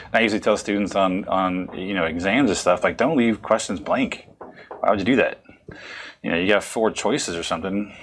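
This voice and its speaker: Male lecturer, low voice, rambling conversational delivery with many restarts. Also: fairly bright tone, slight background noise. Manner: rambling, self-correcting, conversational. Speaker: psychology lecturer. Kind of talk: recorded lecture.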